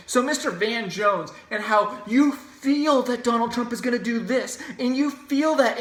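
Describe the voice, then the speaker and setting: A man's voice: very high voice, a bit bright. A man hosts a solo opinion podcast and argues his points emphatically, in a ranting, insistent way. His voice carries a noticeable echo from the room around him. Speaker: podcast host. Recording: roomy echo.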